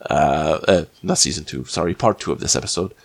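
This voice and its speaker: A man's voice: very deep voice, gravelly, slightly rough, no echo. A podcast host with a slight cold, rambling and restarting as he recaps a TV episode in casual chat. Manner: rambling, halting, many restarts.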